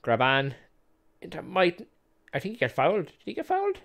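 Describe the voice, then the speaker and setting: A man's voice: sits high, huge pitch swings, fairly quick, gravelly, fairly bright tone. A man hosting a gaming video, calling the match play by play in a chatty, self-mocking way and laughing often. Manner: calls match action play by play. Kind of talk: casual let's-play commentary.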